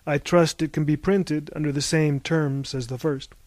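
A man's voice: on the high side, fairly even intonation, moderate pace, darkish tone, dry recording, natural voice. Man putting on a proud author voice, formal and showy, dry sound. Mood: courteous. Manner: formal, dramatic. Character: proud, emotional male author and film director.

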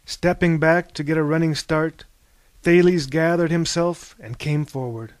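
A man reading a comic story aloud in a slow, deadpan manner. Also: on the high side, no echo. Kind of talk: scripted narration.

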